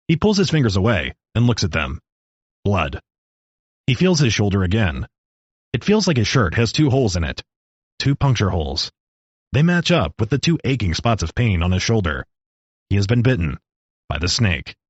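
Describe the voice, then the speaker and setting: Male storybook narrator, low husky voice, lively pitch, dull lo-fi dry recording. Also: no echo. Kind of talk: storybook reading.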